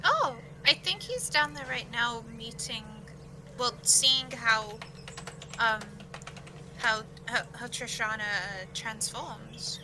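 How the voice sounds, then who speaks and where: A woman playing a tabletop role-playing game, talking in a playful, animated way. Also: on the high side, slow. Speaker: player. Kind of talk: in-character role-play chat. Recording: noticeable background noise.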